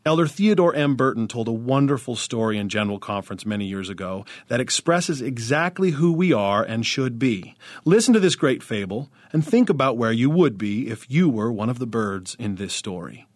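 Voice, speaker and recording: A man's voice: mid-range voice, animated, normal speed, no room sound. Earnest male teacher, reflective devotional narration, dry close sound. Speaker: religious teacher.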